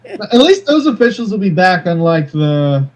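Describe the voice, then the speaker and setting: A man co-hosting a casual sports chat, wry and quick to laugh. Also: high voice, sing-song, darkish tone, low-quality recording. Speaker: podcast co-host.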